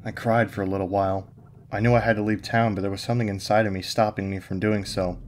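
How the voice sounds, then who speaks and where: A man's voice: lowish voice, little pitch movement, quick pace, a little mellow, slight background noise. A man narrating a first-person horror story in a grim, haunted way.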